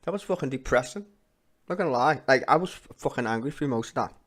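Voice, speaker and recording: A streamer with a Liverpool accent rants furiously at parliament, talking fast and expressively in a medium-pitched voice. His angry commentary is blunt and full of swearing.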